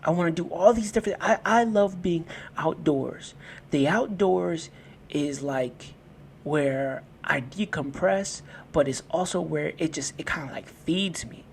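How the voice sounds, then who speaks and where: A man's voice: fairly high pitch, measured pace, gravelly, slight background noise. A man hosting a podcast, talking about self-love in a casual, storytelling way and often repeating and restarting his phrases. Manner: conversational, repeats and restarts phrases while telling stories. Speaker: podcast host. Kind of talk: personal motivational talk.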